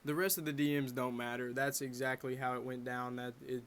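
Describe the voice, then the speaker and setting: A young man in his bedroom telling a personal story to camera in a casual, animated way with wry asides. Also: mid-range voice, a little fast, a little hiss or hum. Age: young adult. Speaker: vlogger.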